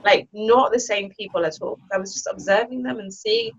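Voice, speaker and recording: Animated woman telling a personal story. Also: medium pitch, fairly quick. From England. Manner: animated, acts out her own past voices. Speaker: podcast guest. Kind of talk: casual storytelling interview. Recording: dull lo-fi with faint noise.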